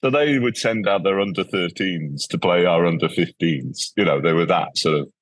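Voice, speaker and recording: A man tells stories as a guest in a relaxed interview. His voice is low and a bit husky. He acts out the people he quotes, and the recording is dry with little room sound. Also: moderate pace, dry recording. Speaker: educator guest. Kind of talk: casual interview storytelling.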